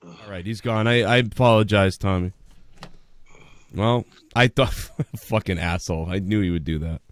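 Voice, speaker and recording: A man's voice: fairly low pitch, moderate pace. A man hosting a call-in show, joking around with callers and laughing a lot. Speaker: host. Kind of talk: casual call-in show banter.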